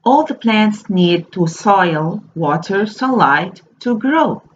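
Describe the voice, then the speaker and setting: A woman teaching a slow phonics lesson to young children. She spells each word out letter by letter and repeats it. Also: medium pitch, lively intonation. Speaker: primary school teacher. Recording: dull lo-fi recording with faint noise.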